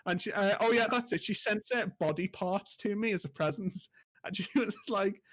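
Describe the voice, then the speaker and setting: A man co-hosting a gaming podcast, telling a strategy game story with laughs and animated quoted lines. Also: sits high, normal speed. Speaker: podcast co-host and streamer. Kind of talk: casual gaming chat.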